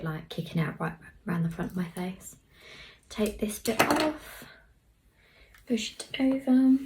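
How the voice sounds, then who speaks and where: A woman's voice: on the low side, gravelly, darkish tone. A young woman giving a casual hair tutorial, chatting as she works and dropping into murmurs now and then. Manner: chatty, talks while working, drops into murmurs. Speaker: hairstylist vlogger.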